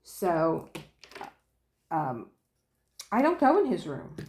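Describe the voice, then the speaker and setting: Woman, casual storyteller vlogging from home; animated retelling with laughs, room echo audible. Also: on the low side, slow pace, a little hiss or hum. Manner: chatty, acts out quoted dialogue, laughs often. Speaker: diamond painting vlogger.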